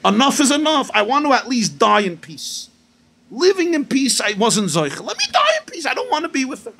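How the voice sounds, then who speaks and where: A man's voice: very high-pitched, sing-song, normal speed, vocal fry, a bit bright, slight background noise, exaggerated voice. A man voicing an older father who is worn out and fed up with his long marriage, tired and exasperated.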